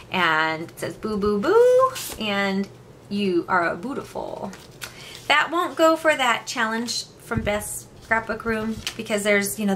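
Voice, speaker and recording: Woman, 30s, home craft vlogger; bright, chatty, giggly, self-deprecating, recorded on a camera mic with faint hiss. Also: medium pitch. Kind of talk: casual chat.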